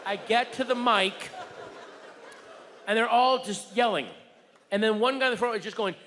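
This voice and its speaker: A man doing stand-up storytelling on stage, animated, shouting out the crowd's yells. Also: high-pitched, moderate pace. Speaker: stand-up comedian. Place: comedy stage before a live audience. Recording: reverberant live venue with crowd noise.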